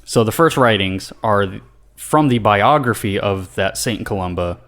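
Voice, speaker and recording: A man's voice: lowish voice, expressive, normal speed, a bit bright. A man co-hosting a casual podcast, rambling with lots of fillers and swearing. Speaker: podcast co-host.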